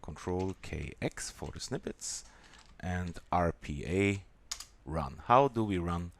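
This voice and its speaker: A man with a German accent walking through a software tutorial in a halting way, with many pauses and fillers. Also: low voice, expressive, creaky, a little hiss or hum. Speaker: software demonstrator.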